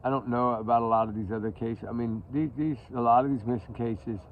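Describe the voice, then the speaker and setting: A man's voice: medium pitch, fairly even intonation, fairly quick. A man with a Texan accent talks casually by a backyard fire, rambling with restarts as he hosts a livestream about missing-person cases. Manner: drawling, rambling, with many restarts. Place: outdoor backyard by a fire pit. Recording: tinny phone-like audio with background noise.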